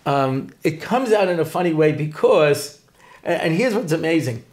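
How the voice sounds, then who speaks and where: A rabbi and Torah teacher tells stories in an interview full of jokes and laughter, his voice fairly high and his speed normal. He's joking and animated, laughing often throughout this humorous interview talk.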